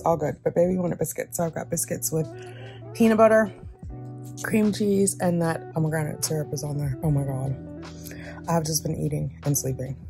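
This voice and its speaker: A chatty woman in her thirties with a lowish voice, vlogging casually as she runs through her food and her groceries. Faint music plays behind her. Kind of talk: casual vlog chat.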